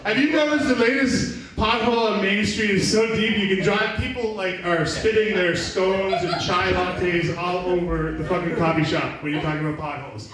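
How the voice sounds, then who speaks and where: A man's voice: high-pitched, normal speed, hardly any pauses, crowd noise. A man doing a stand-up comedy set in a small bar, profane, rambling and self-mocking. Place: small bar venue, indoors. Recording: echoey room from far off, audience noise.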